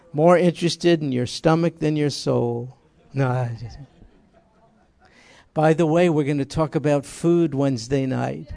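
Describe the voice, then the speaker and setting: A man's voice: a little high, vocal fry, warm tone, dry recording. A male preacher with a slightly raised voice gives a casual, chatty sermon. He jokes with the congregation and leans hard on repeated phrases to drive each point home. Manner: joking, emphatic, repeats key phrases.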